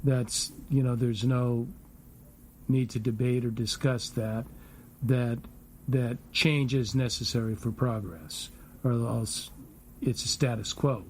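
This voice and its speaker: A middle-aged man hosting a talk radio show, speaking in a halting way and repeating words as he thinks. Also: medium pitch, fairly even intonation, slight background noise. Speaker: host.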